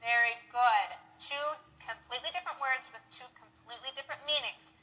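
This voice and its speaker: A woman teaching English pronunciation to Spanish speakers, patient and encouraging, modeling each word slowly and clearly. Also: high voice, sharp tone, rough recording. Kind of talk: slow, clear pronunciation lesson.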